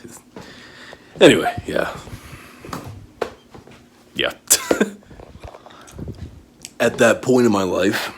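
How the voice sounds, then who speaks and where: A man's voice: rumbling low, a bit bright, slight background noise. A man venting angrily to his camera in a casual vlog, swearing often and trailing off, a little short of breath. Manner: angry rant full of swearing, trailing off. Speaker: vlogger. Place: at home indoors.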